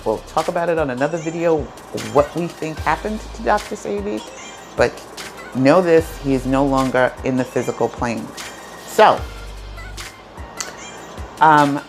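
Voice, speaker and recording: A woman vlogger telling a personal story in a chatty, animated way, full of asides. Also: sits low. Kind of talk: casual storytelling to camera.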